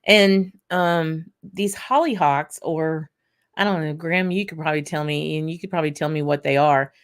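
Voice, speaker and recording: Gravelly woman. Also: deep voice, steady tone, normal speed. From Louisiana. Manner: chatty, answers viewers by name while tasting. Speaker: whisky channel host. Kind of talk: casual livestream chat.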